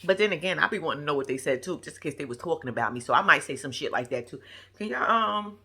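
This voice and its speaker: A woman's voice: sits low, expressive, fast talker, sharp tone, slightly rough. A woman giving casual, profane, gossipy commentary on a reality TV episode, laughing often as she talks. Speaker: reality TV recap vlogger.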